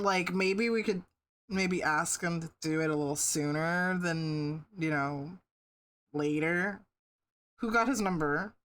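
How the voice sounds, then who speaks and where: Low-voiced woman chatting on stream. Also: fairly bright tone. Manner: chatty, swears casually, trails into laughter. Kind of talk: casual live-stream chat.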